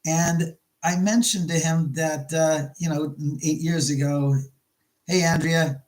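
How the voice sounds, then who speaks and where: A man's voice: on the high side, steady tone, takes it slowly, a little mellow, low-quality recording. A man hosting a casual live stream from his home, rambling and stopping to greet viewers by name. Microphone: camera mic on a live stream.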